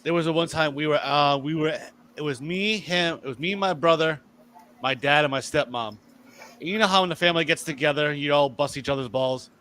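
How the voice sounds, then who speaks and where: A man's voice: a little high, brisk, bright, forceful tone. A man with a slightly raised voice hosts an easygoing chat. He tells crude family stories and laughs through them, loose and unfiltered. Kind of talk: casual chat.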